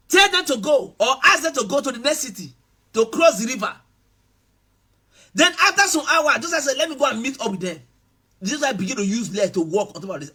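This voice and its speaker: A man preaches with a high, lively, animated voice that rises into shouts and drops into hushed asides. His tone is bright and forceful with a husky edge. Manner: emphatic preaching, shifting between shouts and soft asides. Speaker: pastor. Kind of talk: sermon.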